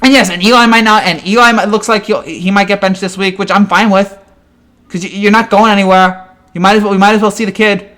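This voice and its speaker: Exasperated high-voiced man ranting. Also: steady tone, fast, fairly bright tone. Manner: exasperated and ranting, with frequent stammered restarts. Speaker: sports fan commentator. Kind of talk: fan reaction rant.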